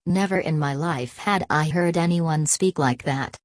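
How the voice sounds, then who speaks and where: A woman reading a first-person story aloud in an even, measured way. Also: low-pitched, no echo. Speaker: audiobook reader. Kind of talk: first-person audiobook narration.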